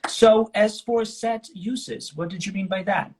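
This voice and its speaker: Husky enthusiastic man hosting. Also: high voice, steady tone, unhurried, a little mellow. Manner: enthusiastic, jokey, frequent "right?" and "you know". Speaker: host. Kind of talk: podcast interview chat.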